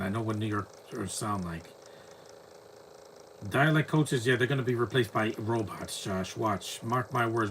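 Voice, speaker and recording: A man's voice: mid-range voice, a bit bright, slight background noise. A man giving casual, opinionated film commentary over a movie, rambling and ranting in asides.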